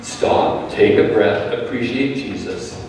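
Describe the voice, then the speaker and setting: A man preaching a sermon in a calm, measured way, often dropping his voice softly. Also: mid-range voice, slight background noise. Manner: calm, measured preaching with soft drops in volume. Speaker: pastor. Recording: echoey hall, speaker far from the mic.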